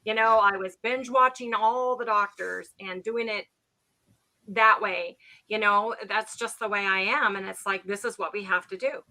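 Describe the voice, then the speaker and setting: A talkative woman tells her story as a livestream guest, circling back and restarting her sentences as she goes. Her voice is bright and ringing, and she sits at a middling pitch for a woman. It is a casual, animated chat. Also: moderate pace. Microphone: livestream call.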